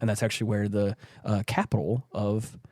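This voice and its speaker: A man co-hosting a podcast in relaxed casual chat, chiming in, laughing, and sharing fun facts. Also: lowish voice, normal speed, dry recording, clean studio sound.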